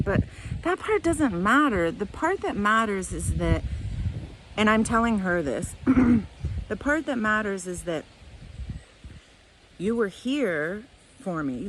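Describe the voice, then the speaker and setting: A woman's voice: medium pitch, noisy background. A middle-aged woman telling a personal story in a candid, rambling way, tearing up at times. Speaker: vlogger.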